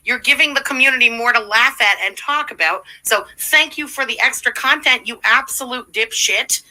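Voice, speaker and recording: A woman's voice: on the high side, normal speed, bright, forceful tone, low-quality recording. A woman hosting a livestream, reacting to clips with blunt, profane sarcasm. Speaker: livestream commentary host.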